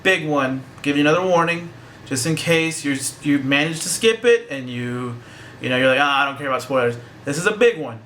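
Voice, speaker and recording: A man's voice: on the high side, moderate pace, hardly any pauses, a bit bright, slight background noise. A young man giving a casual, joking, profane movie review that rambles along.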